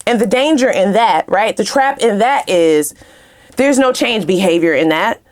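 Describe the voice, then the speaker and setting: A woman giving a casual tarot reading to her viewers in a heated, animated way, swearing freely and speaking straight to the camera with slang. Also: mid-range voice, moderate pace. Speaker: tarot reader.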